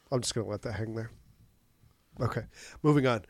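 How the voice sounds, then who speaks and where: A man in his thirties co-hosting a podcast in casual chat, animated and swearing, laughing often. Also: on the low side, no echo. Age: 30s. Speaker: podcast co-host.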